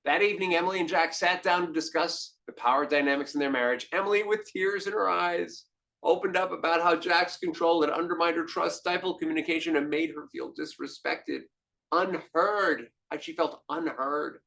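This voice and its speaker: A man hosting a relationship podcast, telling a story as a monologue with dramatic shifts between hushed lines and emphatic ones. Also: fairly high pitch, moderate pace, gravelly. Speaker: podcast host.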